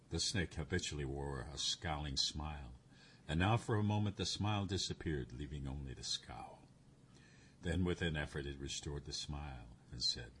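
Low-voiced guy reading a story aloud, measured and expressive, faint hiss behind. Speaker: narrator.

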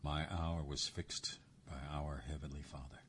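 A man voicing a devout priest who speaks calmly, tenderly and gravely. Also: rumbling low, measured pace, slight background noise. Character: gentle, devout old male priest.

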